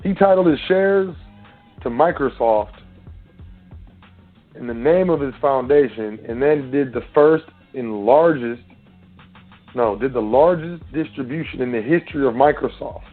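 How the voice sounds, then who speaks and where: A man hosts an internet call-in show, talking in loose, street-casual speech as he preaches straight at his listeners. His voice sits at an ordinary middle pitch. It comes through a thin, phone-like line with faint music underneath. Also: a little slow. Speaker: radio show host.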